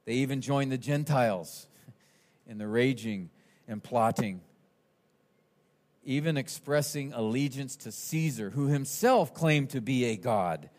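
A man preaching an expository sermon, animated and swinging from quiet asides to shouted quotes. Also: mid-range voice, a little slow. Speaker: pastor.

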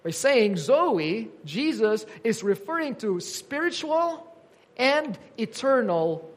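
A man's voice: extremely high pitch, big pitch swings, slow. A man preaching an earnest teaching sermon, quoting scripture with emphasis.

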